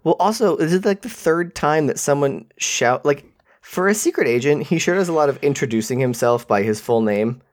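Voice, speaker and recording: A man's voice: on the high side, animated, moderate pace. A man co-hosting a podcast in casual chat, with dry, wry remarks. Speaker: podcast co-host.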